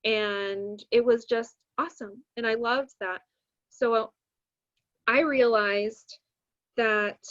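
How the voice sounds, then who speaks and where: Animated young woman, lo-fi recording. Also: medium pitch. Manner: animated, acts out quoted voices. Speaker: math teacher, podcast guest. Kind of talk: casual podcast storytelling. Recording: dull lo-fi recording.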